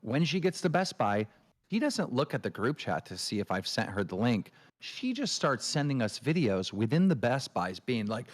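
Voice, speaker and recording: A man hosting a livestream, telling a long story in a ranting, swearing way and mimicking others in shrill voices. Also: very animated, normal speed. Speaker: show host. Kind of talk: casual livestream chat.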